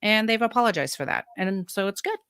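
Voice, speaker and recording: A woman's voice: medium pitch, lively intonation, fairly quick, fairly bright tone, clear, resonant tone, no room sound, studio quality. A woman in her fifties, a podcast guest telling her personal story candidly, frank and emphatic, laughing between points.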